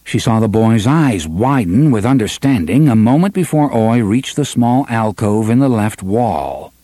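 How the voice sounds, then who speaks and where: Guy reading an audiobook, expressive storytelling, husky voice, dry close sound. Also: on the low side, unhurried, no echo. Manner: expressive storytelling, varies pace for drama. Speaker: audiobook narrator. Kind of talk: scripted narration.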